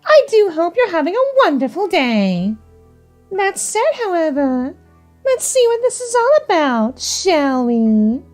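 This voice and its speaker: A woman streamer plays through a visual novel in a prim, teasing, theatrical manner. Her voice sits high and swoops widely as she speaks slowly. Soft music plays faintly in the background. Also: big pitch swings. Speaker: VTuber game streamer. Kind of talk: visual novel playthrough commentary.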